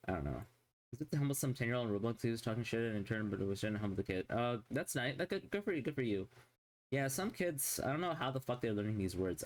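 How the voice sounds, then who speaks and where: A man streaming a casual chat, rambling and swearing constantly as he rants in exasperation. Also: on the low side.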